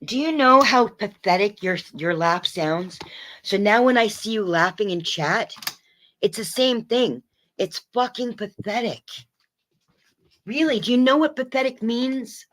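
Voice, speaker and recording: A woman's voice: on the high side, animated, a little slow, fairly bright tone. Angry woman ranting on a livestream. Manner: angry, confrontational, swearing.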